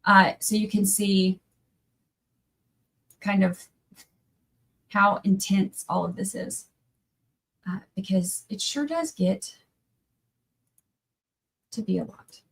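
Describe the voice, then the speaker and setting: A woman's voice: medium pitch, takes it slowly, gravelly, pauses often, slightly rough, rough recording. A woman chatting casually on a livestream, rambling and breaking off mid-sentence, tired from little sleep. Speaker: livestream trial commentator.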